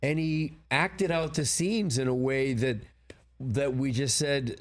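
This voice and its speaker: An older man being interviewed in a studio, with a voice of middle pitch. He tells long, rambling stories and brings them to life when he quotes people. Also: a little slow. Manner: rambling anecdotes, animated quoting. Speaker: film producer, guest. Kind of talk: casual interview storytelling. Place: broadcast studio.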